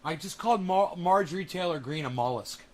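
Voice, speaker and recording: A man's voice: fairly high pitch, expressive, a little fast. A man chatting casually on a livestream, sarcastic and joking. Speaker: streamer.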